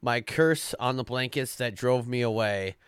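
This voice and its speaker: A man voicing a small male brownie spirit in a stiff, halting attempt at a Scottish lilt, lamenting as he reads a folk tale aloud. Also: medium pitch, smooth, no room sound, studio quality, lightly acted.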